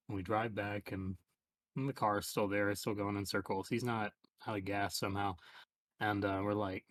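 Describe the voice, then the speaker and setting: Deadpan man rambling through a story. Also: lowish voice, no room sound. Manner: meandering, deadpan, trailing off and restarting. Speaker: streamer.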